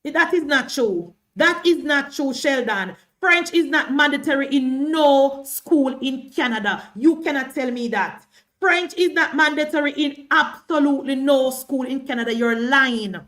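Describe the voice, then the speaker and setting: A Jamaican woman with a high-pitched voice delivers live-stream political commentary. She talks in an emphatic, combative way, repeating her points again and again to drive them home. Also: a bit bright.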